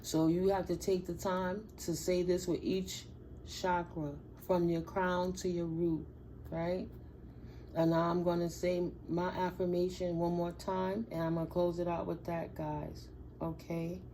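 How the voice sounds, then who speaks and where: Woman, tarot reader, slow delivery, soft affirmations, excited slang, faint hiss. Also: fairly low pitch. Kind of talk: spiritual reading with affirmations.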